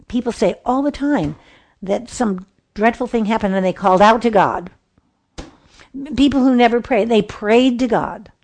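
A woman's voice: medium pitch, vocal fry, darkish tone. A middle-aged woman hosting a Christian radio show from a studio, giving an earnest, reflective devotional talk with many restarts.

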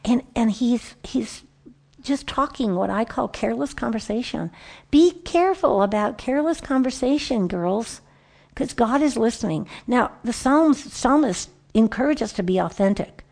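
A woman giving a conversational Bible teaching to a group of women, animated and storytelling, often restarting her sentences. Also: a little high, normal speed, gravelly. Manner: lively, animated storytelling with frequent self-corrections.

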